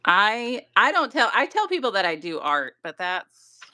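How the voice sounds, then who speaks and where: A woman's voice: medium pitch, very animated, measured pace, pushed and bright, no echo, clean studio sound. A middle-aged woman from Georgia with a mild Southern accent, chatting casually and self-deprecatingly on a craft livestream. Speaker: guest crafter.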